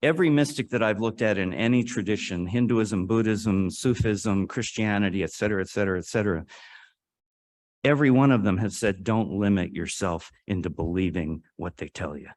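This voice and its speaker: A man delivers a storytelling sermon to a congregation in a fairly low voice. He speaks earnestly, climbing to dramatic rises and then falling to hushed drops. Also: fairly quick. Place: worship service hall.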